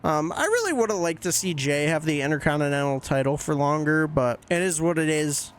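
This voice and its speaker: A young male podcast host casually recaps wrestling shows, excitable and swearing freely, jumping into quick voices when he quotes people. His voice is a little high, with a clean tone.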